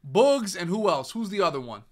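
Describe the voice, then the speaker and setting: A man's voice: high voice, big pitch swings, moderate pace. A young man hosting a gaming podcast, chatting casually with loose, joking trash talk. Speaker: podcast host. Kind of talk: casual chat while streaming.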